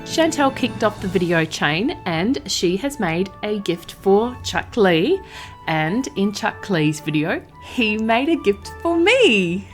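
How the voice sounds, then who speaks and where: An Australian woman who makes art and craft videos, talking in a chatty, expressive way and laughing often. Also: medium pitch, slow pace, soft background music. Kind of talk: casual vlog narration.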